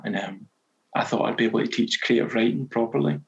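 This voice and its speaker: A Scottish novelist speaks as an interview guest, his voice gravelly with fry. He tells his stories loosely and pokes fun at himself. The recording sounds dull and lo-fi. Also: medium pitch, brisk. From Scotland. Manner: relaxed, self-deprecating storytelling. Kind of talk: casual interview chat.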